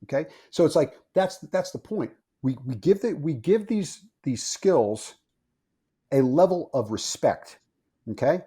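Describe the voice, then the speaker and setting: This podcast guest, a firearms instructor, has a warm, husky voice on the high side and talks at a measured pace with animated delivery. Opinionated and blunt, he swears freely and repeats himself often.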